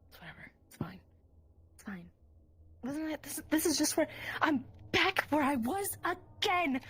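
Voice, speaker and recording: A woman's voice: high-pitched, big pitch swings, measured pace. Exasperated woman muttering and swearing. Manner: exasperated, muttering and swearing, breaking into teary shouts. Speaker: player. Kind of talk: in-character tabletop role-play.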